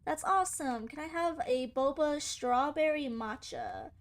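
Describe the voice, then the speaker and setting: A woman's voice: sits high, a little slow. A young woman hosting a gaming channel, giving playful, sassy commentary and talking back to the characters as she plays. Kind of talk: casual gameplay commentary.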